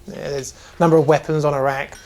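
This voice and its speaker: A man's voice: a little high, flat delivery, fast, a little mellow. A man narrating a tabletop game as game master, hesitant and full of filler words. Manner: hesitant, full of ums and kind-ofs.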